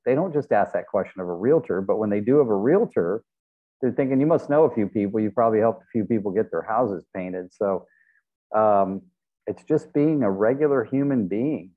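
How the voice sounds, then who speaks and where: A man from Fremont, California, hosting an interview, responding in a reflective, affirming and measured way. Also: lowish voice. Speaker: podcast host. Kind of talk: interview conversation. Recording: tinny phone-like line.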